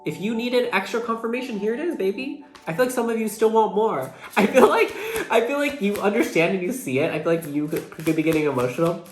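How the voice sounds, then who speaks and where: A young adult tarot reader delivers a casual, emotional monthly reading at a medium pitch and quick pace, with few pauses. She talks earnestly, swears casually and says "like" a lot. The room is echoey, with faint music playing behind her.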